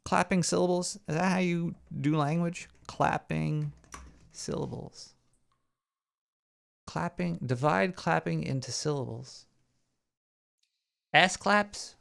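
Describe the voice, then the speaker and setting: A man hosting a live show, rambling and joking as he thinks out loud. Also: a little high, steady tone, normal speed, gravelly, few pauses. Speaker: show host. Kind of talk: casual live show banter.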